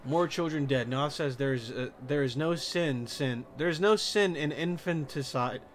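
A man doing let's play commentary, excitable and profane, talking to himself as he plays. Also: fairly high pitch, unhurried. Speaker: gaming commentator.

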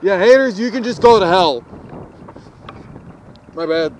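A high-pitched teenage boy vlogging on a walk outside. He jokes around and talks straight to his viewers in a loose, chatty way. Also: expressive, measured pace, a little hiss or hum, low-quality recording. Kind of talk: casual walking vlog. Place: outdoors on a road.

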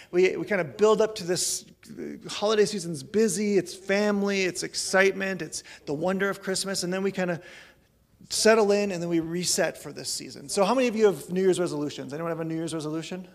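Chatty joking pastor, gravelly voice. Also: male voice, sits high. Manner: joking, chatty, self-deprecating. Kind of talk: casual sermon to a congregation. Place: church hall.

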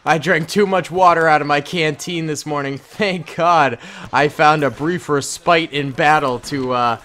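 A man's voice: on the high side, a little slow, bright, forceful tone. A man voicing a casual male soldier relieved to take a break mid-battle, speaking in a drawling, offhand way.

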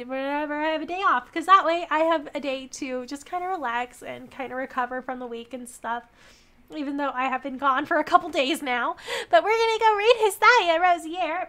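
A woman's voice: sits high, pushed and bright. A young woman streaming a dating game live, talking dramatically and profanely, stammering when upset.

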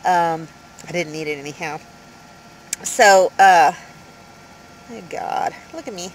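A woman's voice: on the low side, slow, long pauses, a little hiss or hum, rough recording. Chatty woman in her fifties, rambling. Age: 50s. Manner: rambling, animated storytelling with many fillers. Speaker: vlogger. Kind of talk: casual vlog talk to camera. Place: inside her van.

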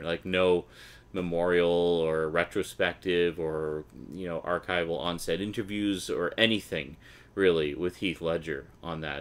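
Man from Canada, lower voice, casual unboxing chat, wry asides. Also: fairly bright tone. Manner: chatty and wry, reading blurbs with mock enthusiasm. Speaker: unboxing vlogger. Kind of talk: casual package-opening chat.

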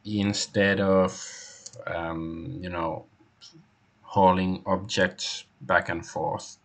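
A man's voice: low voice, little pitch movement, drawn-out words, a bit bright. A man streaming a point-and-click game, musing aloud in a hesitant, casual way. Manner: musing, hesitant, many fillers. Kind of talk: casual gameplay commentary.

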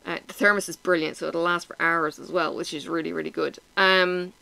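A woman's voice: fairly low pitch, little pitch movement, brisk, gravelly, pushed and bright, no room sound, poor audio. A woman, chatting frankly and bluntly to her viewers in a casual vlog, teary and sniffling. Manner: blunt, frank and self-mocking, with swearing and laughs. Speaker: vlogger.

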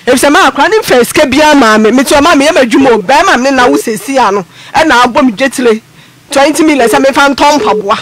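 A woman's voice: sits high, fast, a little hiss or hum. A Ghanaian woman on a radio counselling show, insistently defending herself with emphatic denials.

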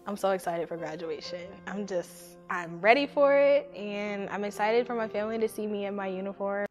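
A woman Navy recruit speaking earnestly and excitedly in a documentary interview. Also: mid-range voice, moderate pace, hardly any pauses. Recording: faint music underneath.

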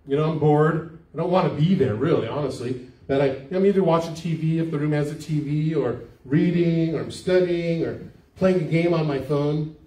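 A fairly high, warm voice carries this older pastor's conversational sermon at a moderate pace as he questions the people in the pews. It was recorded in a church sanctuary with an echoey sound and a far-off microphone.

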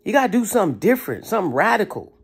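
Gravelly, preachy motivational talker. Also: medium pitch, very animated, very fast. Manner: preachy, emphatic, casual slang. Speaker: motivational speaker. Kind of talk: motivational talk.

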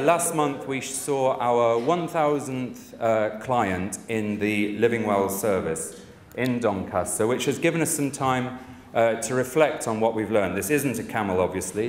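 In an echoey conference hall, a man with a medium-pitched voice gives a talk about a cancer support service, with a little hiss or hum on the recording. He opens with a humorous story, then moves into reflection, using frequent fillers.

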